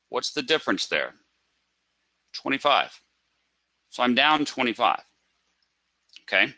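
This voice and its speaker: A man's voice: mid-range voice, animated, unhurried, long pauses, sharp tone, no room sound, low-quality recording. A man teaching a live trading webinar, asking rhetorical questions and acting out a panicked trader. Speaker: trading instructor.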